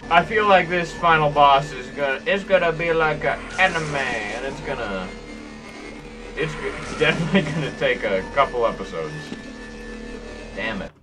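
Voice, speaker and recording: A man's voice: a little high, expressive, moderate pace, recorded from a distance, over music. A man joking to himself and yelping now and then as he plays through a video game. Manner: joking, talks to himself while playing, sudden yelps. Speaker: gameplay streamer. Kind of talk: casual gameplay commentary.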